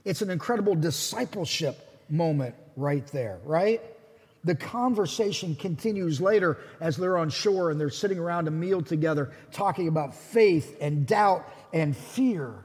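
A man preaching a sermon as lead pastor, retelling the story with animated, acted-out voices. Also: a little high, moderate pace, husky, long reverb tail.

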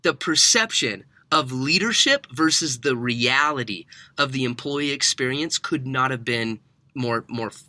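Young man, very bright tone, dry close sound, animated storyteller. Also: mid-range voice, a little slow, no echo. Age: young adult. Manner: animated, laughs often. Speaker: podcast guest. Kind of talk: storytelling in conversation.

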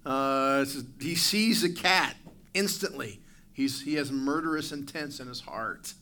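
Bright-voiced male pastor preaching. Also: mid-range voice, measured pace, slight background noise. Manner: animated preaching, acts out barking dog and asides to the congregation. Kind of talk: sermon. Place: church sanctuary.

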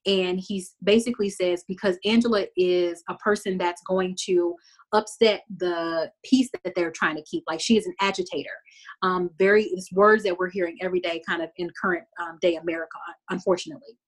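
A woman from Texas hosting a podcast, retelling TV scenes in an animated, casual way full of fillers. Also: lowish voice, brisk. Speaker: podcast host recapping a TV show. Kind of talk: casual chat.

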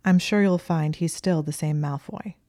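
A woman reading the part of a nervous young woman student who sounds flustered and strained, in a low, mellow, dry voice. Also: fairly even intonation, normal speed, no echo, natural voice. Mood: guarded, tight. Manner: flustered, strained and shrill at times.

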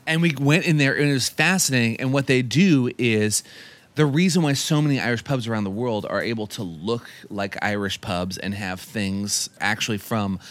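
A man's voice: medium pitch, moderate pace, a bit bright. A man hosting a travel vlog, chatty and enthusiastic as he tours a large warehouse. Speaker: travel vlogger.

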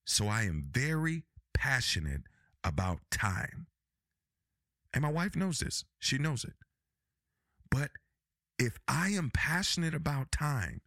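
A man's voice: medium pitch, fairly bright tone, dry recording, clean studio sound. A man hosting a relationship advice podcast, talking emphatically and repeating phrases to drive his points home. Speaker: podcast host.

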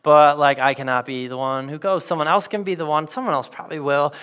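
A man's voice: a little high, steady tone, quick pace, fairly bright tone, smooth, highs cut off, natural voice. A man voicing a young queen who brushes off a plea in slangy, casual talk. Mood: flippant. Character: young queen, flippant and self-protective.

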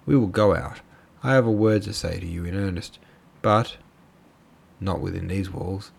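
A man reading as an excitable shabby captain. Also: low voice, moderate pace, vocal fry, slightly rough, full character voice. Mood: pleading. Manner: excitable, pleading. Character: poor shabby captain, middle-aged man, wild and tearful.

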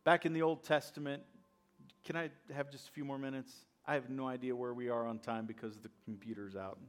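A man's voice: medium pitch, steady tone, fairly quick, faint music behind. A male pastor preaching a sermon, repeating key lines and acting out the voices of skeptics. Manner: repetitive call-and-response preaching, acts out skeptics.

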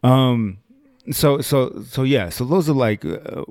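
A man's voice: mid-range voice, expressive, slow, a little mellow, no room sound. A man who coaches fitness clients, talking loosely on a podcast with lots of fillers. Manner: loose and conversational, frequent fillers. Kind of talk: casual podcast chat.

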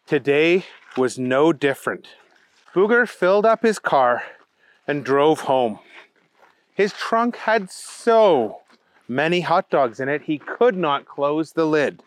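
A man narrating a children's story for a podcast in a playful, animated manner. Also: fairly high pitch, no room sound.

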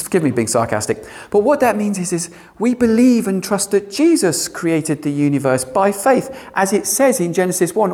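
A man preaching a sermon, animated and given to sarcastic asides. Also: high-pitched.

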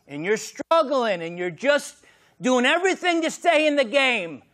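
High-voiced pastor guy preaching live, gets loud then goes real quiet. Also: lively intonation, fairly quick. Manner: impassioned, swings from shouting to hushed. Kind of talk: sermon.

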